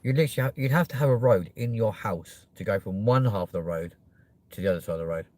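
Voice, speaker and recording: Brief: young guy, lowish voice, sweary live-stream host riffing loosely with chat. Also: fast talker, a little mellow. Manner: sweary, jokey, chatty with viewers.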